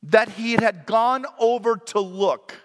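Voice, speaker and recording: A man's voice: high voice, takes it slowly, big-room sound. A man preaching a sermon in an earnest, reflective way, sometimes correcting himself mid-sentence.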